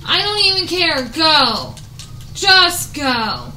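A frustrated woman playing a video game, her voice high and bright as she curses at it and snaps into yells. She talks at an unhurried pace, in a roomy, echoey space with faint music behind her. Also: very animated. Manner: frustrated, swearing, yelling at the game. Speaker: gaming YouTuber. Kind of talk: casual let's play commentary.

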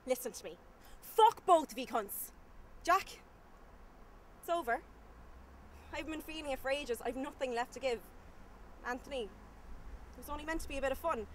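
An actress with a Cork accent playing a young woman done with two cheating lovers, shrill and sharp when she shouts. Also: normal speed, long pauses, slight background noise, close to an everyday voice. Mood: fed up. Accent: Cork Irish. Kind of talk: film acting.

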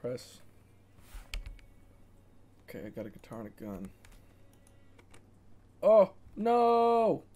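A young man streaming video games, reacting excitedly and laughing as he plays. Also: sits high, slow pace, long pauses, slight background noise. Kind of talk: casual gaming commentary. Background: faint game music.

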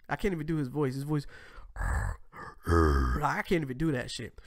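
A man hosting a casual commentary show, reacting to clips in a loose, profane, animated way. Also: medium pitch, moderate pace. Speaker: host.

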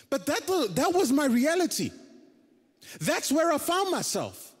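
A man's voice: extremely high pitch, sing-song, a little slow. A man in his twenties from South Africa, preaching a personal testimony on stage in a conversational, self-deprecating storytelling manner. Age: 20s. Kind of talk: testimony sermon. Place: church stage. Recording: hall reverb.

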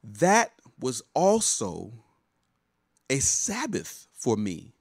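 A man's voice: medium pitch, wildly swooping pitch, extremely slow, no echo, studio quality. A man, a pastor and life coach, talks casually to viewers of a live stream, repeating words and greeting them by name as he goes. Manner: warm, chatty, repeats words and restarts often.

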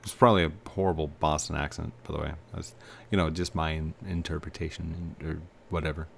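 A man's voice: rumbling low, level tone, fairly quick, creaky, a little hiss or hum. A man hosting a casual let's-play video, rambling and self-deprecating as he plays. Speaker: gaming video host. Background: game music.

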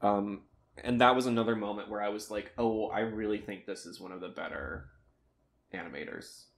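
A man's voice: lowish voice, moderate pace. A man co-hosting a podcast in casual chat, rambling and sometimes losing his train of thought. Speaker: podcast co-host.

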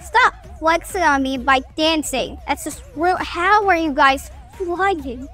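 Young woman gaming streamer, high bright voice, chatty and excitable, with faint game music behind her. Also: unhurried. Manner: chatty, excitable, self-mocking. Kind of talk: casual gameplay commentary.

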